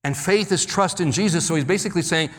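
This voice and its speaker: Dramatic preacher man, church reverb. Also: a little high. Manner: dramatic, acts out Bible quotes, slows for emphasis. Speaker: pastor. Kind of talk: sermon.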